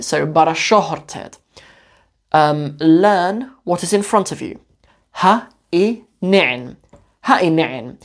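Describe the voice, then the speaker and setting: Low, gravelly woman teaching a language. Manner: patient, breaks words down slowly. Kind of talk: explanatory language lesson.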